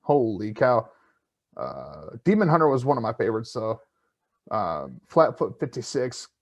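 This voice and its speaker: A man from South Dakota chats on a podcast in a mid-range voice, stumbling through "uh"s and restarts as he searches for words. He swears casually and stays relaxed and conversational. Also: mid-range voice, creaky. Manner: halting, many "uh"s, casual swearing. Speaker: podcast co-host. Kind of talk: casual live-stream chat.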